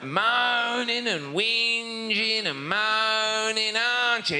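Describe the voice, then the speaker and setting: A man playing a loud, rude bloke who rants and mocks in a drawn-out, shouting voice. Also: very high-pitched, voice pushed up, exaggerated voice. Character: loud whinging Australian bloke, rude and mocking.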